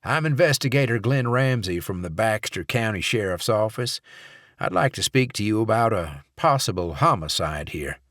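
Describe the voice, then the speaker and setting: A man's voice: lowish voice, lively intonation, normal speed, a bit bright, no echo, studio quality, voice pushed up. A man voicing a folksy male sheriff's investigator who chats easily while probing with questions. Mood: chatty probing. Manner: chatty, probing, easygoing.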